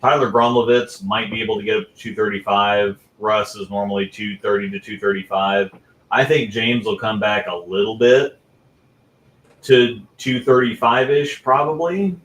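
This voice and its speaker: Low-voiced man in a roomy room. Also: a bit bright, slight background noise. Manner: rambling, many restarts and fillers. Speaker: podcast co-host. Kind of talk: casual chat about bowling. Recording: roomy echo.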